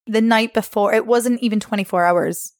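A young woman tells stories as a guest in a loose, chatty way. She laughs often and her pitch jumps up when she acts out quotes. Her voice sounds dry and close. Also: normal speed, darkish tone, dry recording. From Scotland. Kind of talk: casual storytelling interview.

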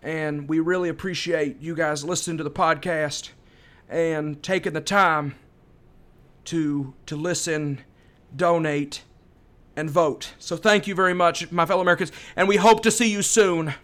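A man's voice: on the high side, fairly even intonation, measured pace, fairly bright tone. A man putting on an impression of a folksy male politician, giving a stately formal address on a podcast. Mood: mock-presidential.

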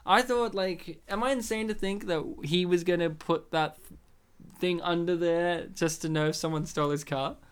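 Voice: mid-range voice, steady tone, moderate pace, clean tone. A commentary co-host in a casual chat, laughing a lot, swearing freely and slipping into jokey voices. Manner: giggly, sweary, with frequent jokey put-on voices.

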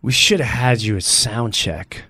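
A man voicing a relaxed, easygoing famous male rock pianist who speaks in a measured way. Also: on the low side, husky, pitched below the performer's own voice, heavily acted.

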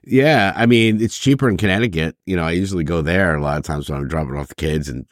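A man in his fifties co-hosting a podcast, telling profane, animated stories and acting out the voices of other people. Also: low-pitched, quick pace, no room sound, studio quality. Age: 50s. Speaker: podcast co-host. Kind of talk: casual chat.

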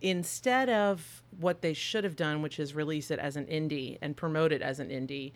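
A woman co-hosting a podcast in casual chat, talkative and quick to swear and laugh. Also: deep voice. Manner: chatty, swears, laughs often. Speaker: podcast co-host.

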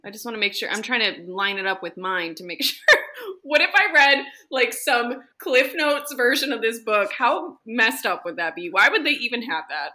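A young woman guest on a book podcast with a bright, forward voice. She chats in a giggly, animated and playful way. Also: a little high, moderate pace. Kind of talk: casual book podcast chat.

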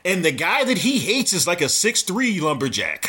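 Lively man, animated laugh. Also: high-pitched, moderate pace. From United States. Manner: animated, laughing, stammering restarts. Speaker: podcast co-host. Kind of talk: casual sports podcast banter.

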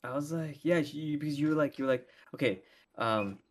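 A man's voice: a little high, brisk. A young man co-hosting a podcast, giving blunt, joking reactions in casual chat and swearing freely. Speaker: podcast co-host.

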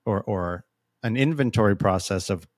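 A man's voice: fairly low pitch, moderate pace, no echo, studio quality. A man co-hosting a podcast, explaining ideas thoughtfully with frequent restarts. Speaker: podcast co-host. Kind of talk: casual podcast discussion.

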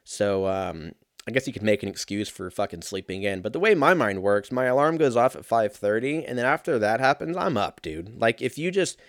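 A man's voice: fairly low pitch, lively intonation, fairly quick, no echo, clean studio sound. A man in his thirties talking in a casual, meandering way, swearing often and poking fun at himself. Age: 30s. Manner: profane, meandering, self-mocking. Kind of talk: casual rambling monologue.

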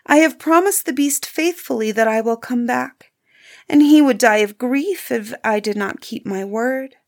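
A woman voicing an earnest, warm-hearted young woman in a storybook, speaking brighter and higher than her narration. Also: measured pace. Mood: earnest, pleading.

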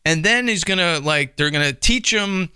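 A man in casual chat about a movie, animated and laughing, acting out his reactions and swearing freely. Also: high voice, normal speed, clear, resonant tone, no room sound, studio quality. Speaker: movie discussion co-host.

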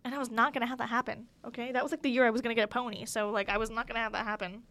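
Young female podcast host, slightly high voice, chatty and giggly storytelling. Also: fairly even intonation, very fast, fairly bright tone. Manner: chatty, giggly, lots of "like" fillers. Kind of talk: casual storytelling monologue.

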